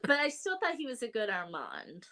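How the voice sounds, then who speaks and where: A woman co-hosting a casual podcast chat from home, telling stories with lots of laughter and big swings in her voice. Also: normal speed. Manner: animated, laughing storyteller with big pitch swings. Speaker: co-host. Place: home, remote live show during lockdown.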